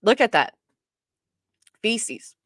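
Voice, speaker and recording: A woman streaming live commentary, her voice sitting at an ordinary middle pitch. She swings between outraged exclamations and low muttering. The close mic sounds dry, with no room at all. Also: sing-song, drawn-out words, fairly bright tone, dry recording.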